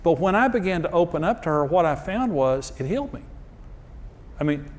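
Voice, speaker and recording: A man's voice: fairly high pitch, sing-song, a little fast. A middle-aged man preaching a humorous marriage sermon, storytelling in a folksy way and acting out quoted voices. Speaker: marriage teacher and pastor. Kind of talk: humorous sermon to a live audience.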